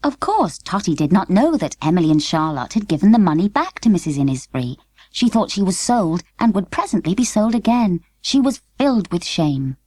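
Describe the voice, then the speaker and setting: A woman narrating a children's story in a lively, expressive storybook manner. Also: mid-range voice, normal speed, no room sound. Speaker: audiobook narrator.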